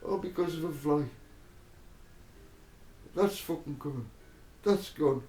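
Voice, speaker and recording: A man's voice: fairly high pitch, slow, dark tone, voice pushed up. Man doing a furious swearing rich man. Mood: despairing. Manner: swearing, ranting. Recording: roomy echo, faint music.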